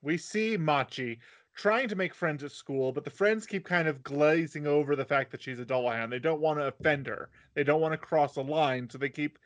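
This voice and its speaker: A man's voice: fairly high pitch, normal speed, muffled recording. A man co-hosting a casual anime podcast, adding short replies and then explaining plot points. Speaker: podcast co-host. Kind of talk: casual chat about anime.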